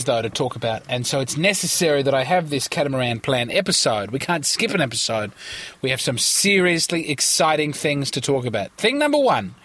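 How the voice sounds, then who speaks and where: Animated man ranting in a car. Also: on the high side. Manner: theatrical, pompous mock-indignation. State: tired. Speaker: comedian and podcast host. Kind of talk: rambling solo comedy podcast. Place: parked car.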